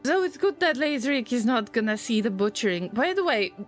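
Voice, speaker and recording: A woman streaming a game, chatting casually with viewers, easily distracted and prone to sudden excited alarm. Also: fairly high pitch, a little fast, soft background music. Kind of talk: casual live-stream gameplay commentary.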